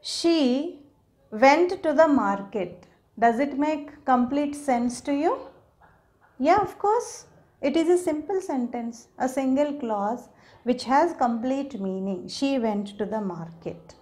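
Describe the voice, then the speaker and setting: Unhurried and deliberate, a woman gives a grammar lesson to her viewers as an English teacher. Her slightly high, a little mellow voice has lively intonation, and she regularly checks understanding with "okay?"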